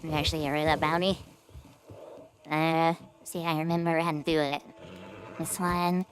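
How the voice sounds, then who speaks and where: A woman's voice: low voice, little pitch movement, normal speed. Playful woman streamer, silly asides. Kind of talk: casual gameplay commentary.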